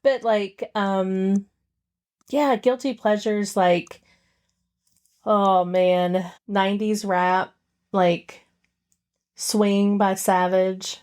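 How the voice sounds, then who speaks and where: A woman co-hosting a podcast, talking haltingly with lots of fillers and a bit of swearing. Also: mid-range voice, steady tone, a little mellow, clear, resonant tone. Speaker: podcast co-host. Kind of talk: casual chat.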